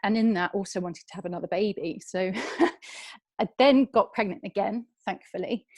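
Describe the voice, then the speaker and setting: A woman's voice: medium pitch, moderate pace, darkish tone, slightly rough, dry recording. A woman in her thirties, a guest telling a personal story on a video call, hesitant and emotional.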